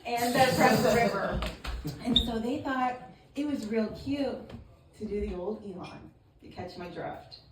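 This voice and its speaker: A woman's voice: a little high, a little slow. A woman doing a stand-up comedy set at an open mic, telling a crude story with lots of swearing. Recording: echoey room, far mic, noisy.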